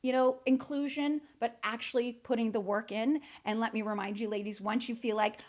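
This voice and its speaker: A woman's voice: mid-range voice, steady tone, fairly quick, few pauses. A woman in her forties hosting a podcast, talking earnestly and emphatically straight to her listeners. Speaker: podcast host. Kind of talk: heartfelt solo podcast monologue. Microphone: studio microphone.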